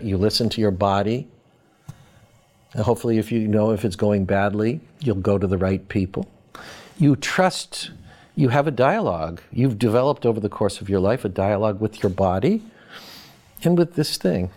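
A man from Boston, an academic guest, giving reflective interview answers in a measured, thoughtful way with pauses. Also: on the low side, a little mellow.

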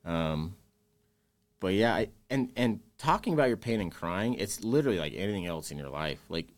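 Brief: adult male guest, lowish voice, earnest, emotional, opens up about grief. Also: big pitch swings, moderate pace. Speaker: podcast guest. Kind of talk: candid interview conversation.

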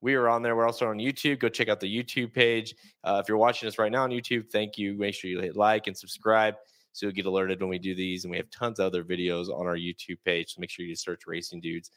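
Low-voiced laid-back podcast host. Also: male voice, little pitch movement, fast talker, fairly bright tone. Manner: laid-back, repeats words as he starts sentences. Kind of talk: casual chat.

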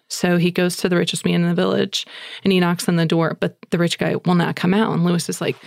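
An eager woman podcast host with a low, gravelly voice tells her listeners a story fast, in a casual, chatty, breathless flow packed with fillers like "like" and "you know." Her delivery is flat, and the recording is close and dry with no room around it.

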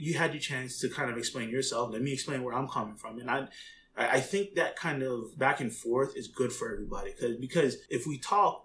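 Young man, mid-pitched, casual rambling monologue, animated when quoting, faint background noise. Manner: rambling, conversational, frequent "you know what I mean". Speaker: commentator.

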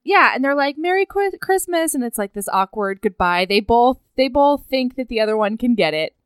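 A woman's voice: on the high side, animated, fairly quick, clean tone, dry recording, studio quality. A woman co-hosting a podcast, playfully retelling a movie plot in casual chat and giggling often. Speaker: podcast co-host.

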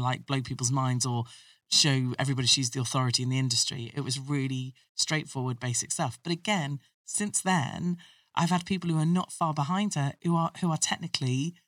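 A guest podcaster talks in a loose, rambling way, circling back on thoughts. The voice is mid-pitched, with a dry sound, recorded a little away from the mic. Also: fairly even intonation, normal speed, fairly bright tone, no room sound, recorded from a distance. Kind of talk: casual chat.

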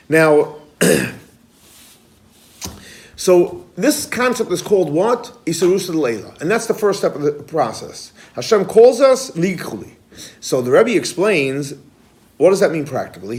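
A man teaching a Torah lesson as a rabbi, lively, who asks his listeners questions and then answers them himself. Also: on the high side. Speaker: rabbi teaching a Kabbalah class.

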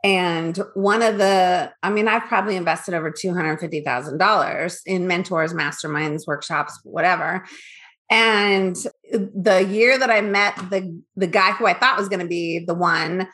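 A woman in her fifties, a business owner from Northern California, telling her story in a candid, animated interview chat. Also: fairly low pitch, moderate pace. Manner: candid and animated, acts out her past thoughts.

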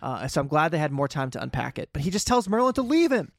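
A man's voice: fairly high pitch, sing-song, quick pace, no echo, clean studio sound. A man co-hosting a casual podcast, animatedly recapping an episode and reading quotes aloud. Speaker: podcast co-host.

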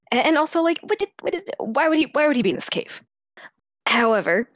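A woman's voice: a little high, clear, resonant tone, no room sound. A woman playing a tabletop role-playing game, bantering wryly and suspiciously in character. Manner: wry, suspicious banter with laughs. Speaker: player.

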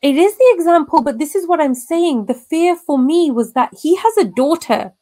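A woman guest shares her personal experiences candidly and emphatically in conversation, slipping into Punjabi phrases along the way. Her voice sits high and mellow, animated, at a moderate pace.

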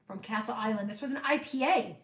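A woman's voice: fairly high pitch, quick pace, fairly bright tone, roomy sound, far from the mic. Bubbly woman co-hosting a beer chat. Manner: bubbly, giggly, teasing. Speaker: podcast co-host. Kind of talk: casual beer-tasting chat.

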